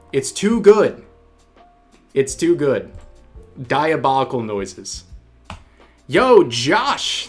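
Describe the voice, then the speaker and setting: Male streamer, mocking and laughing, slow drawl, soft music behind. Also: mid-range voice. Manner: mocking, laughing, reads donations aloud. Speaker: streamer host. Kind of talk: casual reaction commentary.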